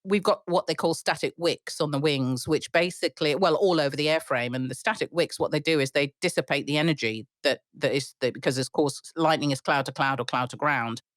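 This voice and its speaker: A middle-aged woman airline pilot telling stories in an interview, animated, with frequent restarts and laughs. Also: deep voice, brisk, hardly any pauses, no room sound, clean studio sound. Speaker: airline pilot, podcast guest. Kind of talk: storytelling interview.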